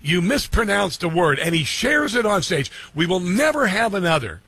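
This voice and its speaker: Man, middle-aged, talk radio host, husky, bright tone, dry close studio mic, rambling with fillers. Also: high-pitched, sing-song, moderate pace, no room sound.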